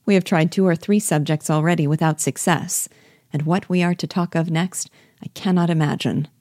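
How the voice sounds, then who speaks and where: A sharp, teasing young lady at a ball, as a woman reads her. Her voice is low and mellow, her lines pointed, the sound dry and close. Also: steady tone, normal speed, dry recording, lightly acted.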